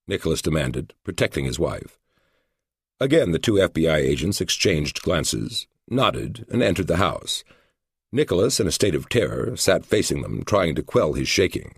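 A man narrating a book in a measured storytelling way. His voice is very low and gravelly with a husky grain, and the recording is dry and close. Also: big pitch swings, dry recording. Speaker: audiobook narrator. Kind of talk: scripted narration.

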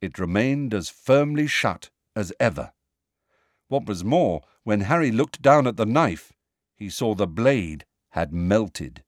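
A man narrating a storybook in a lowish voice. His reading is expressive, with a lively rise and fall in pitch. The recording is close and dry, with no room sound. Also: unhurried, no room sound. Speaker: audiobook narrator.

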